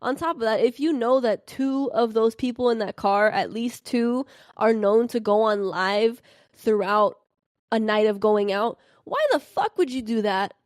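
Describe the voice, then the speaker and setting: A young adult woman hosting a casual podcast, telling gossip and stories animatedly and acting out quotes with big jumps in pitch. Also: a little slow, no echo, clean studio sound. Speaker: podcast host. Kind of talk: casual chat about reality TV and celebrity gossip.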